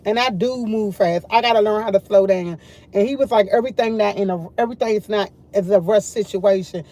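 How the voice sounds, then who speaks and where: A woman at a middling pitch hosts a relaxed morning chat stream. She rambles from one thought to the next and talks straight to her audience in a loose, conversational way. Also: fairly quick. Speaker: livestream host. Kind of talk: casual morning chat with viewers.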